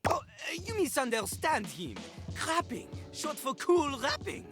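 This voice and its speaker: A man's voice: very high-pitched, wildly swooping pitch, unhurried, fairly bright tone, faint music behind, heavily acted. An actor voicing a cocky male toilet who raps and brags about himself in the third person, in a video game. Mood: boastful. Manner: sing-song rapping, swaggering. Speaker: game character. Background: hip hop beat.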